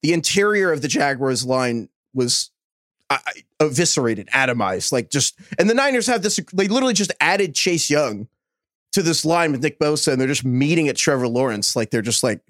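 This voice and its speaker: A man co-hosting a podcast, chatting casually and rambling with quick asides. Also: on the high side, expressive, a bit bright, no echo, studio quality. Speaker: podcast co-host. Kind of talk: casual sports chat.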